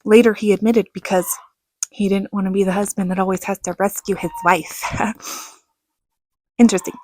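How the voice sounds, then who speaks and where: Animated woman telling a story, dry close sound. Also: medium pitch, normal speed, dry recording. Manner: animated, laughing storyteller with quoted asides. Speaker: vlogger. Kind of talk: casual storytelling.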